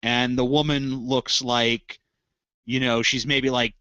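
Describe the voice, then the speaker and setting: A man's voice: medium pitch, flat delivery, slow, bright, forceful tone, clear, resonant tone, no echo, lo-fi sound. A man co-hosting a podcast, joking around in crude, profane banter. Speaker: podcast co-host. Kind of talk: casual chat.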